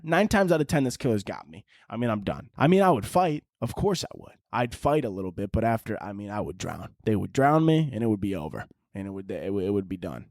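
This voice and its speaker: A man hosting a solo podcast, rambling through a crude, profane comedic monologue with animated swings in his delivery. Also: mid-range voice, no room sound, clean studio sound. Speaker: podcast host.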